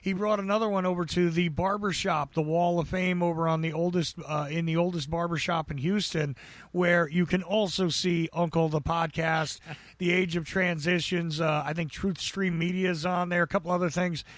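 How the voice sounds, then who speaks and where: Chatty New Jersey man, higher voice. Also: steady tone, normal speed, no room sound. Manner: chatty, rambling, laughs as he talks. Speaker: podcast co-host. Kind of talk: casual chat.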